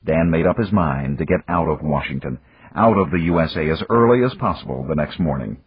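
Deep husky guy narrating an audiobook, lots of pitch movement, dull dry lo-fi sound. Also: expressive, a little fast, no echo. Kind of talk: scripted narration.

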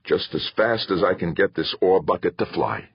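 A man's voice: deep voice, animated, moderate pace, breathy edge, no room sound, exaggerated voice. Man voicing a blunt middle-aged father, grim muttering, dry close sound, slightly muffled recording. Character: blunt, gruff middle-aged father piloting an ore ship.

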